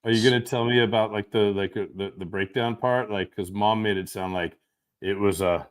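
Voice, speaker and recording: A middle-aged father hosting a casual chat with his daughter, earnest and halting, often breaking off and restarting. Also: on the low side, fairly even intonation. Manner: halting, self-interrupting, earnest. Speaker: podcast host, father.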